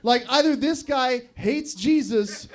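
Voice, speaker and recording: High-voiced young comic, crude and rambling. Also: male voice, takes it slowly. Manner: crude, rambling, bantering with the crowd. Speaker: stand-up comedian. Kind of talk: open mic stand-up. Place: open mic at a bar.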